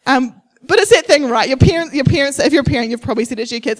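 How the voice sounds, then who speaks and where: A woman's voice: sits high, racing, few pauses. A young adult woman preaching a sermon at a church service, emphatic and repetitive, acting out the people she quotes.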